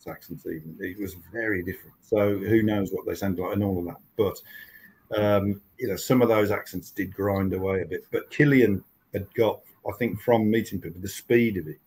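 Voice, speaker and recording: A man's voice: fairly low pitch, fairly even intonation, a little fast, a little mellow, husky, poor audio. A man in his sixties, a TV writer and show creator, talking as a guest in a casual podcast interview, telling stories with many restarts. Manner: rambling storytelling with many restarts.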